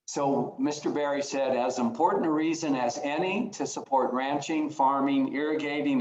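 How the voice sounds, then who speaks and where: A man's voice: medium pitch, moderate pace, hardly any pauses, darkish tone, echoey room, muffled recording. A man giving a conference talk over a video call, earnest and at times emotional, often restarting phrases. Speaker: conference speaker.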